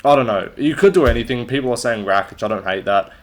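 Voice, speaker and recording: A man's voice: mid-range voice, fast. A young man hosting a casual solo recap of fight results, blunt, profane and mocking. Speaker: MMA commentator and channel host.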